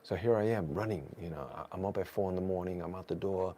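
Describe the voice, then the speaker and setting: Low gravelly husky man. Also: quick pace, slight background noise. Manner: animated, storytelling, spiritual encouragement. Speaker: guest. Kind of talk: casual conversation.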